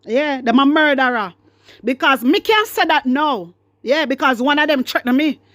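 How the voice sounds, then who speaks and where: Jamaican woman vlogger, high-pitched, defiant, dry close sound, ranting to camera. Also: expressive, moderate pace, a bit bright, no echo. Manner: defiant, repetitive, mixes patois and English. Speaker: political vlogger. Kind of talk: fiery rant to camera.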